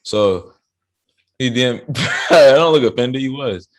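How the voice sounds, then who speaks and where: A man's voice: mid-range voice, measured pace. A young man from South Carolina, a rapper, telling his story in a loose, slangy, laid-back way as an interview guest. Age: young adult. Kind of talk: casual interview chat. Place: interview studio.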